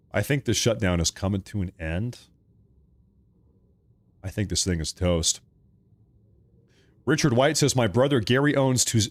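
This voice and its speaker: This Oregon man runs a political livestream, and his voice sits on the low side with no echo around it. He reads the chat aloud, jokes around, launches into animated rants and laughs a lot.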